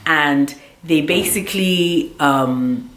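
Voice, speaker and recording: Woman vlogger, lowish voice, chatty storyteller, echoey room. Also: slow. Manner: animated, chatty, full of filler "like". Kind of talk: casual storytelling vlog. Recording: roomy echo.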